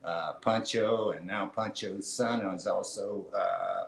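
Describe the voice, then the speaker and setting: Deep-ish guy hosting a live show, laid back, lots of ums, roomy echo. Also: takes it slowly, vocal fry. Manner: relaxed, rambling storyteller with many fillers. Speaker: show host. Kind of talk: casual livestream chat.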